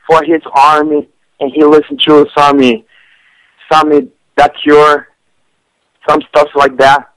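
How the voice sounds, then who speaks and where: A man, chatting on a comedic radio show in broken English, with lots of stammered restarts and sudden jumps in pitch. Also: a bit bright, dry recording, low-quality recording. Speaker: fight picks guest. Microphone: studio radio mic.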